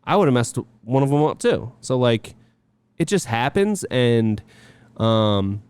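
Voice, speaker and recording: A man co-hosting a casual podcast, his voice clean and smooth at an everyday pitch. He rambles and restarts with lots of fillers and slips into sarcastic jokes. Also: very animated, a little slow, a little mellow, no echo. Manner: joking, sarcastic. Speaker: podcast co-host. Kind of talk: casual chat.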